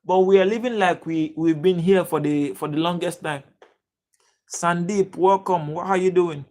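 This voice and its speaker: A man's voice: sits high, normal speed, a little mellow. A Nigerian man hosting a casual live chat stream, greeting viewers by name and chatting loosely as he reads the chat. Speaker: livestream host.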